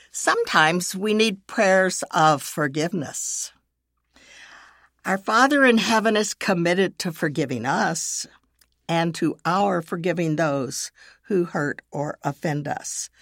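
A woman hosting a devotional podcast, gently teaching and slowly reading scripture and prayers aloud. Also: fairly low pitch, vocal fry, no echo, clean studio sound. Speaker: podcast host.

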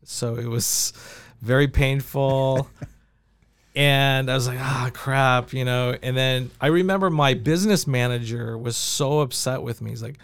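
A man telling lively stories on a podcast. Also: mid-range voice, unhurried, smooth, no echo. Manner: animated anecdotes with frequent laughs. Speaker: podcast guest. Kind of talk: casual interview storytelling.

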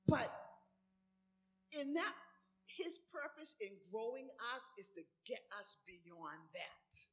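A woman's voice: high voice, very animated, slow pace, pauses often, a bit bright. A middle-aged woman preaching a sermon, acting out whiny prayers as she goes.

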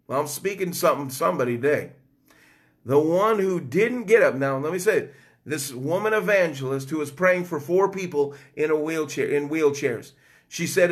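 A man's voice: on the high side, unhurried. A man preaching a fervent Pentecostal sermon, breaking into cries of "whoo" and "come on" and bursts of speaking in tongues.

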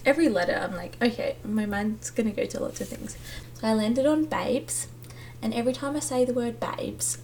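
A young woman hosts a casual solo podcast, chatty and giggly, with plenty of ums and likes. Her voice is a little high and a little mellow, picked up by a distant mic with a faint hum.

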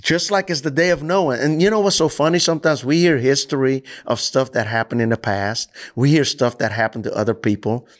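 A man, a coach talking about faith in an animated, preachy storytelling way. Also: medium pitch, a little fast, hardly any pauses. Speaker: coach and church guest. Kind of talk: casual faith talk.

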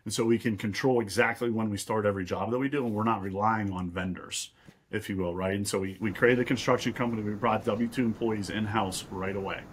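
A man's voice: fairly low pitch, steady tone, fairly quick, slight background noise. A man from Pittsburgh, a real estate investor, explaining at length as a guest in a podcast interview and often checking in with "right?". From Pittsburgh, USA.

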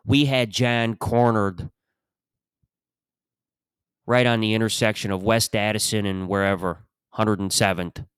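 A man voicing an older retired male Chicago detective with a Chicago accent, who tells his story in a slow, dull drone. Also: lowish voice, steady tone, fairly bright tone, clean tone, dry recording, clean studio sound. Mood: droning. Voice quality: slow, dull droning delivery.

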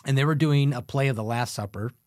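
An animated man chatting as a podcast guest, laughing often as he tells stories. His voice sits at a middle pitch. The sound is dry and close, with no room echo. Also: quick pace. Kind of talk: casual chat.

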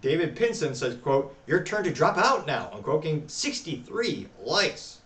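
A man hosting a talk show, reading social media replies aloud with wry, deadpan asides. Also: fairly high pitch, moderate pace, reverberant, distant mic. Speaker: podcast host.

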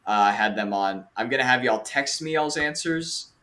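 A man's voice: mid-range voice, lively intonation, moderate pace, background noise. A young man hosting a podcast quiz in casual chat, playful and often laughing. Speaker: podcast host running a quiz.

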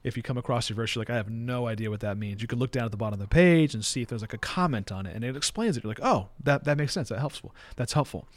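A man preaching as a pastor, earnest and plain-spoken, reading verses slowly and deliberately. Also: mid-range voice, no echo. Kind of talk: sermon teaching.

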